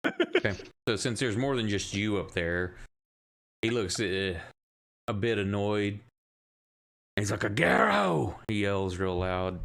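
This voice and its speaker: A man's voice: lowish voice, slow pace, pauses often, clear, resonant tone. A man, narrating a tabletop game as game master in a loose, chatty way. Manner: loose, chatty, with filler words.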